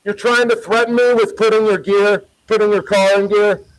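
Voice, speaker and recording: A man's voice: high voice, level tone, normal speed, rough recording. A man livestreaming a street protest outdoors, heckling and taunting people with profanity. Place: outdoors by a parking lot.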